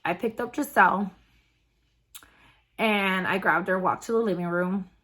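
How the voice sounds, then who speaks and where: A woman vlogger telling a personal story in a casual, halting way, with many fillers and restarts. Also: mid-range voice, fairly bright tone, husky.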